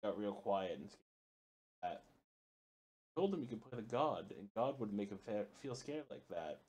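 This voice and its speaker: A man with a fairly low voice plays through a horror game, reading notes aloud in a halting way that trips over words and starts again. He breaks off to swear or yelp when something startles him. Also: very animated, darkish tone, slightly rough. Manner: reads in a halting way, stumbling and restarting words. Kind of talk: let's play commentary.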